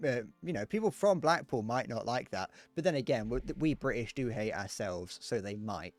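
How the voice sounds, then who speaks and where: A man's voice: medium pitch, lively intonation, normal speed, no room sound, faint music behind. A young man with a Northern Irish accent, chatting casually with viewers as a livestreamer, rambling and laughing at his own jokes. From Northern Ireland. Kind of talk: casual chat to viewers while gaming.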